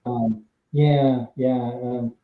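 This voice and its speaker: A man's voice: medium pitch, fairly even intonation, very slow, echoey room, narrow, tinny audio. A man, a former stunt double, telling casual rambling stories with fillers and laughs. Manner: rambling anecdotes with fillers, laughs between lines. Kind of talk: casual storytelling on a live stream.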